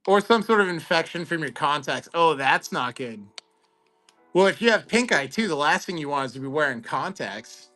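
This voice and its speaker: Upbeat male stream host, high bright voice, chatty, faint music behind. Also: normal speed. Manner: excitable, chatty, greets viewers by name. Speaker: host of a card-opening livestream. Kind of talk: casual livestream chat.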